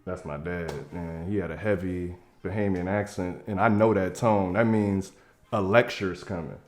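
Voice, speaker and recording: A man's voice: low-pitched, steady tone, normal speed, darkish tone, soft background music. A young man telling a comedic story in a casual way, acting out the quoted lines in different voices.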